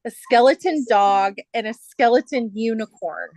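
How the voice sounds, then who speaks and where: An older woman chats over a video call while hosting a sewing night. Her voice sits a bit high and sounds dry and close. She talks like a doting grandmother, easy and rambling. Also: animated, normal speed, a little mellow, dry recording. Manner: chatty, doting grandmother talk. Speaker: host of a live sewing stream. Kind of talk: casual chat.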